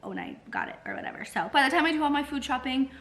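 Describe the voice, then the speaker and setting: A woman book vlogger chatting casually and excitably to camera, full of "like" fillers and the odd swear word. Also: high-pitched, rapid-fire, a little hiss or hum. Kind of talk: casual vlog chat.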